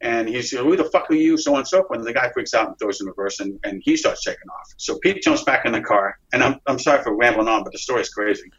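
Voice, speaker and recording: A man, an interview guest, telling a dramatic story in a rambling, excited way with frequent restarts and swearing. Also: mid-range voice, fast, few pauses. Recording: dull lo-fi recording.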